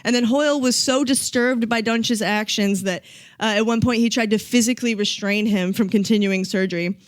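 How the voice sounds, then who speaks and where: A woman's voice: fairly high pitch, moderate pace, dry recording. A woman co-hosting a podcast, casually reading out a story from her notes with lots of ums and laughs. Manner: reads facts with frequent ums and laughs. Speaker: podcast co-host telling the story.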